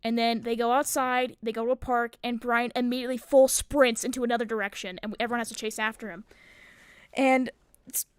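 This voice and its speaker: A woman's voice: a little high, brisk, smooth, dry recording, studio quality. A young woman in casual chat, animatedly retelling scenes from a roleplay and often laughing. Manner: animated storyteller, acts out quotes, laughs often. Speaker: streamer and roleplayer.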